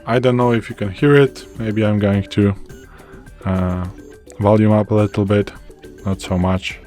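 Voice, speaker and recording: A man with a Polish accent talks through a phone tutorial in a plain, unhurried way, pausing and restarting as he goes. His voice sits a little low. Soft music plays faintly behind him. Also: steady tone. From Poland. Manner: plain, loosely worded explaining with hesitations. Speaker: tech tutorial presenter. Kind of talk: casual screen walkthrough.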